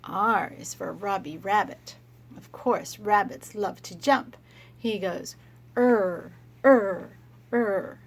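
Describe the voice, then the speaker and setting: Woman teacher, slow and slightly gravelly, gentle phonics lesson for kids. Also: mid-range voice. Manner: slow, gentle, sounding out letters for children.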